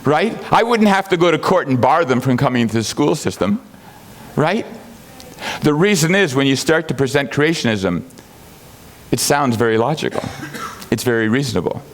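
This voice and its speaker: A man teaching a congregation in an animated, conversational way. He keeps asking rhetorical questions and chuckles at his own asides. When he quotes other people, he lifts his voice to act them out. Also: medium pitch, moderate pace, a little hiss or hum. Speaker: Bible teacher.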